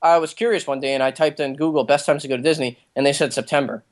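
A man's voice: fairly high pitch, steady tone, fast talker. A young man co-hosting a casual podcast chat, telling stories at length with plenty of fillers. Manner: rambling storytelling with many fillers. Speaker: podcast co-host.

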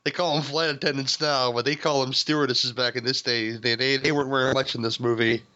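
A man's voice: mid-range voice, steady tone, fairly quick, bright, forceful tone. A man hosting a casual movie review podcast, laughing and swearing often as he rambles with restarts. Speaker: podcast host. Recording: dull lo-fi sound.

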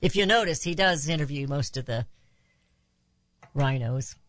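A woman's voice: sits low, expressive, a little slow, dry recording. A woman hosting a talk radio show, delivering an impassioned opinion monologue full of rhetorical questions.

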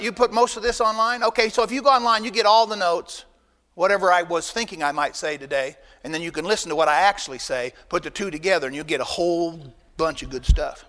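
A man preaching a sermon as pastor, folksy and emphatic, swinging between loud bursts and quiet asides. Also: high voice, in a large hall.

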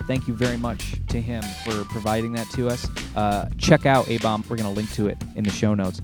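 A man's voice: fairly low pitch, fairly even intonation, a little fast, over music. A man hosting a casual comic shop podcast, talking with enthusiasm and cursing freely. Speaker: podcast host.

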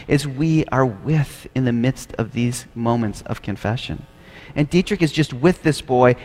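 Earnest man lecturing in an echoey hall. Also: mid-range voice. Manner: earnest, dramatic shifts from loud to hushed. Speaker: lecturer on theology. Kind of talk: storytelling lecture.

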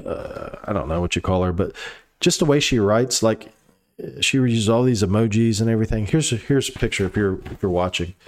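A man with a somewhat low voice talks through a political commentary monologue in a loose, rambling way. He reads news aloud and breaks off into sarcastic asides, with fillers and restarts along the way.

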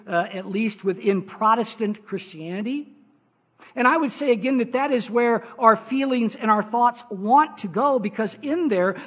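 Male pastor, high voice, emphatic sermon delivery, dull lo-fi recording. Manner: emphatic preaching with frequent "uh" fillers, rising pitch for stress.

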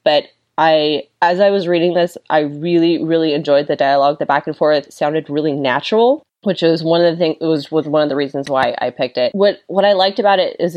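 A woman with a low-pitched voice talks casually on a podcast about a comic she read. She sounds enthusiastic, laughing often and acting out the characters' lines. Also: darkish tone. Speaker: podcast co-host reviewing comics. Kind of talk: casual chat.

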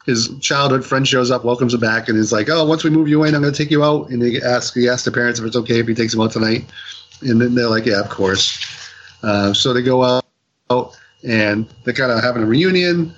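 A man's voice: mid-range voice, fairly even intonation, a little fast, a bit bright, muffled recording. Rambling man recapping a story with fillers. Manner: rambling retelling full of fillers and quoted dialogue. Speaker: podcast co-host reviewing comics. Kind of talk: casual chat.

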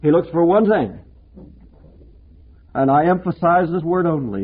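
Impassioned preacher on a tinny recording. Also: male voice, a little high, lively intonation, a little slow, husky. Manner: impassioned preaching, swinging between emphatic and hushed. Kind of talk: sermon.

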